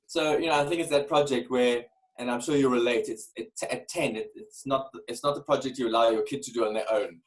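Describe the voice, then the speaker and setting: A man's voice: medium pitch, brisk, hardly any pauses, low-quality recording. Earnest storytelling man. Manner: earnest, animated, repeats words when starting phrases. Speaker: guest, keynote speaker. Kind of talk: candid personal storytelling.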